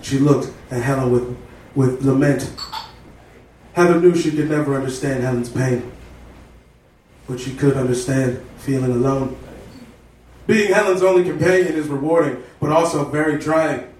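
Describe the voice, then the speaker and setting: Man reading a story deadpan on stage. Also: mid-range voice, normal speed. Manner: deadpan storytelling, with stumbles and asides. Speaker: comedy reader. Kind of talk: live comedic reading of a story. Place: live comedy stage indoors. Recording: echoey room, distant mic, noisy.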